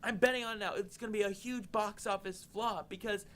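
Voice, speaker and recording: A man's voice: high-pitched, steady tone, a little fast, fairly bright tone, slight background noise. A young man co-hosting a campus TV show, giving an exasperated, indignant rant of a film review full of restarts. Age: young adult.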